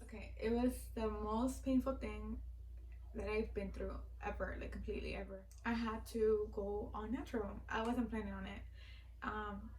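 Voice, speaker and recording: A woman's voice: on the high side, a little mellow, reverberant, recorded from a distance, a little hiss or hum, poor audio. A young woman in her twenties telling a personal story in a casual, heartfelt way, full of fillers and a little teary. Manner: filler-heavy, heartfelt, repeats "like". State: teary-eyed. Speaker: vlogger.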